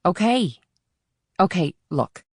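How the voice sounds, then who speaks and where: Low-voiced tough fbi agent lady, blunt and wry, dry close sound. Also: sing-song, slow pace, slightly rough, no room sound, exaggerated voice. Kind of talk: audiobook dialogue.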